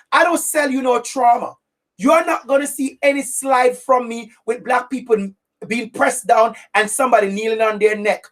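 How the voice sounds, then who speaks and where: A woman with an accent giving an impassioned webinar talk as an anti-racism educator, speaking directly and repeating phrases for stress. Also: a little high. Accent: non-native English accent.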